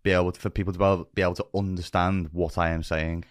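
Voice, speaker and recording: Male podcast co-host, Scouse accent, low voice, dry sound, jokey. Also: little pitch movement, racing, dry recording. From Northern England. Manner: joking, practising careful pronunciation. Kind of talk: casual chat.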